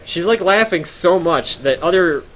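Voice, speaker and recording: A man's voice: high-pitched, expressive, a little slow, a bit bright, slight background noise, rough recording. A man streaming live, chatting casually to his viewers, a little tired, rambling through stories with lots of fillers and restarts and chuckling often.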